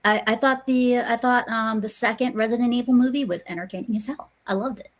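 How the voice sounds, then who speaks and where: A woman's voice: fairly high pitch, fairly even intonation, brisk, hardly any pauses. A woman hosting a casual podcast chat, rambling and often restarting her sentences. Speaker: podcast host. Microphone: remote podcast call.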